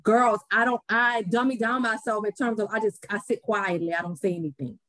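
A woman's voice: mid-range voice, steady tone, brisk, a bit bright, no echo, rough recording. A woman, a podcast guest telling a story. She acts out the voices of the people she quotes and often repeats her words. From New Orleans, US. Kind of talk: casual interview conversation.

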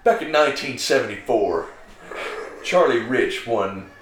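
A man co-hosting a podcast, retelling movie scenes in an animated, casual way and laughing often. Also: medium pitch, unhurried. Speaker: podcast co-host. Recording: echoey room with faint ambience.

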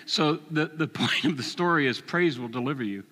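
Bright-voiced older man preaching in a hall. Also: a little high, fairly quick. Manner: animated storytelling, acts out voices with chuckles. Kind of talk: sermon with personal story.

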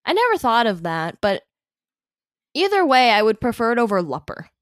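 A woman's voice: fairly high pitch, very animated, moderate pace, no echo, clean studio sound. A young woman, a student, chatting casually about a book on a review podcast, talkative with hesitant asides.

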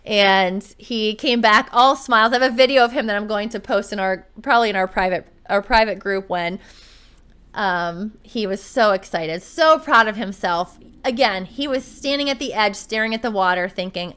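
A woman's voice: mid-range voice, moderate pace, a bit bright, smooth. A woman talking as a podcast host and running coach, chatting casually and telling a story in an upbeat way.

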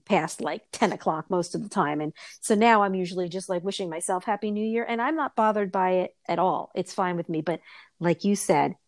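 A middle-aged woman in casual conversation, telling a long personal story with restarts, laughs and lively quoted voices. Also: fairly quick, no echo, clean studio sound. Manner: rambling storyteller, frequent restarts and laughter, swinging pitch when quoting. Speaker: co-host of a chat show. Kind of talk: casual chat.

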